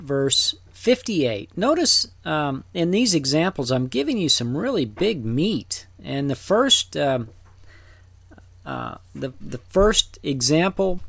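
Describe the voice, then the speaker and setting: A man teaching a recorded Greek lesson, talking slowly and deliberately, with fillers and restarts. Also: on the high side, no room sound.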